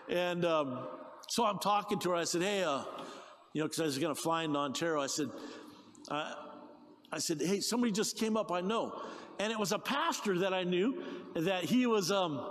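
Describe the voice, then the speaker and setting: A middle-aged man preaches in a church sanctuary, his voice high and swinging wide as he gets excited. He tells stories with eager restarts, and his words ring out with a long reverb through the hall. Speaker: pastor. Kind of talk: sermon with storytelling.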